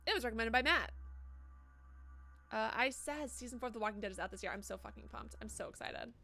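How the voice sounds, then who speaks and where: A woman's voice: a little high, fast, gravelly, fairly bright tone, soft background music. A young woman streaming a game live, chatting casually and cursing as she reads viewer messages aloud. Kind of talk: live gameplay commentary.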